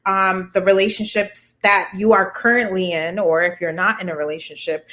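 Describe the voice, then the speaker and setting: Animated woman co-hosting a chat podcast. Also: mid-range voice, moderate pace. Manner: animated, talks to listeners directly. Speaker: podcast co-host. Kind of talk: casual chat.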